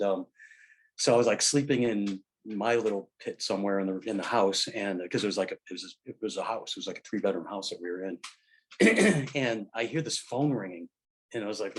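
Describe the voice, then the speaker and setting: A middle-aged man and military veteran in casual conversation, telling stories in a halting way full of fillers and restarts. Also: fairly low pitch. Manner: rambling anecdotal storyteller.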